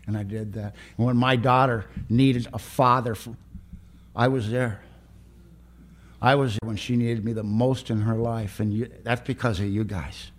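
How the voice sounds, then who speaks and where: An older man giving a personal recovery testimony, plain-spoken and emotional, with rough humor. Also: medium pitch, fairly even intonation, moderate pace. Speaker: recovery meeting speaker.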